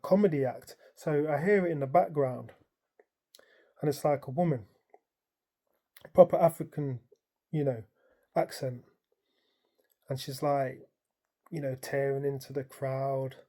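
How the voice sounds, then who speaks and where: A man tells his dream in a loose, rambling way, leaning on "like" and "um" as he goes. His voice is mellow and soft-edged, and he tells it in an easy, casual way. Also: mid-range voice, unhurried, pauses often. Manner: rambling, animated retelling full of "like" and "um"; colloquial, storytelling present tense. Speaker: dream vlogger. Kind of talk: casual storytelling.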